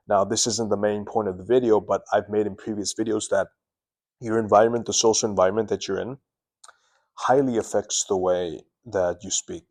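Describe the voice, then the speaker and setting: An earnest young man hosts a self-improvement video, giving advice straight to the camera. His voice sits fairly low, and he's animated, deliberately pushing his tone up and down and restarting words. It's recorded on the camera's mic.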